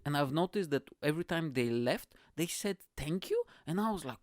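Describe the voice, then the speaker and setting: A man's voice: on the high side, expressive, fairly quick, hardly any pauses, no echo, clean studio sound. A man in his thirties from the Balkans, hosting a podcast and telling a comic story with a playful, profane, self-mocking manner. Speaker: podcast host. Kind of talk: comedic storytelling monologue.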